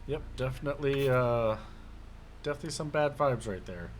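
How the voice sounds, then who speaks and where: A man narrating a tabletop game as game master, halting with many fillers. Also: medium pitch, a little hiss or hum.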